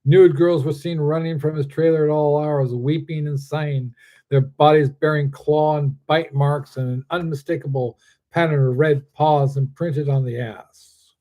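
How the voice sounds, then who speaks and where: A man reads his own story aloud, steady and deliberate. His voice sits fairly high for a man yet sounds dark and mellow. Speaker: author reading his story.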